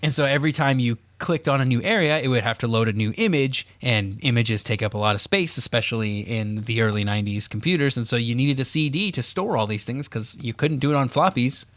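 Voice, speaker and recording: Male podcast co-host, middle pitch, loose filler-heavy explainer, hiccuping, dry close mic. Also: fairly quick, hardly any pauses, a bit bright, no echo. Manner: explains at length with many fillers. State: has the hiccups. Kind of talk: casual chat.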